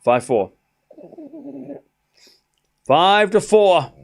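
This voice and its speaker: A man hosting a live tennis watchalong stream, calling points play-by-play and bantering sarcastically with chat, swinging from muttered score updates to shouted calls. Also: sits high, expressive, very slow.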